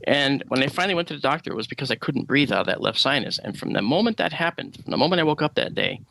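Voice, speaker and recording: A man telling a personal story as a radio show guest, animated and acting out the dialogue. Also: on the high side, racing, creaky, no room sound, poor audio.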